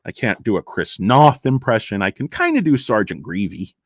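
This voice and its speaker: A man's voice: fairly low pitch, sing-song, moderate pace, no echo, studio quality. A man hosting a casual livestream about stocks, rambling and sarcastic as he reads and answers chat. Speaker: livestream host discussing stocks.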